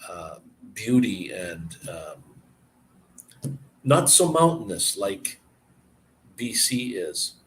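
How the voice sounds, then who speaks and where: A man's voice: medium pitch, fairly bright tone, a little hiss or hum, low-quality recording. A man hosting a live stream, chatting casually and rambling from one story to the next with chuckles.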